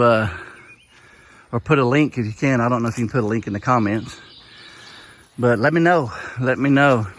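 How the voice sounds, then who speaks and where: A middle-aged man with a Southern US accent, chatting casually as he walks around his homestead, a bit out of breath and rambling with frequent restarts. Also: mid-range voice. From Southern United States. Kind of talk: casual walk-around vlog. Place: outdoors on a rural homestead.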